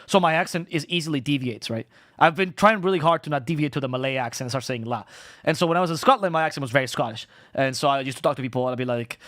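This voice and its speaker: Fast-talking man caster. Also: fairly high pitch, fairly bright tone, no room sound, clean studio sound. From Spain. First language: Spanish. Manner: fast, rambling, profane, restarts words. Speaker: esports caster and streamer. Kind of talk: casual live-stream chat.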